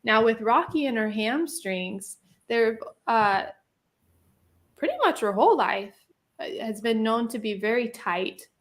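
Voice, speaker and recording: A woman's voice: fairly high pitch, animated, unhurried. Woman guest chatting away, lots of ums and likes, laughs a lot. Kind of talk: casual storytelling.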